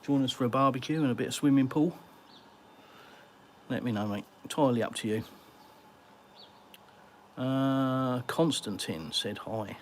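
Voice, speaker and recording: A man's voice: mid-range voice, a little slow, pauses often, slight background noise. A middle-aged Englishman chatting casually on a live stream, reading viewer comments and calling people mate. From England.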